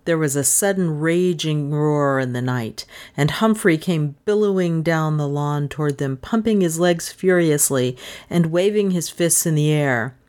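Low-voiced woman narrator, brisk, wry audiobook reading. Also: darkish tone. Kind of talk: scripted narration.

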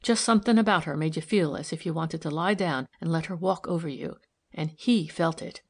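A proud, loyal old housemaid with a blunt tongue and plain servant's speech, fiercely protective of her mistress , as a woman reading the book puts her on. Her voice sits low and even in an audiobook. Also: fairly quick. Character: stout loyal older housemaid, proud, resentful.

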